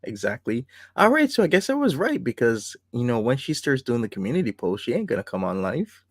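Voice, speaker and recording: A man's voice: medium pitch, sing-song, brisk, dry recording, studio quality. A man hosting a casual livestream, reading out messages and commenting on them with sarcasm and laughter. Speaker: livestream host.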